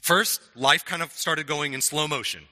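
Bright-voiced man preaching in echoing hall. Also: on the high side, normal speed. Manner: conversational, frequent "right?" and stammered restarts. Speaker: pastor. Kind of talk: sermon.

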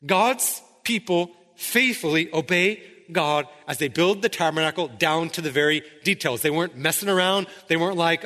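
A man's voice: fairly high pitch, moderate pace, few pauses, sharp tone, big-room sound. A male pastor preaching a sermon, emphatic, often checking in with "right?". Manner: emphatic, keeps asking "right?".

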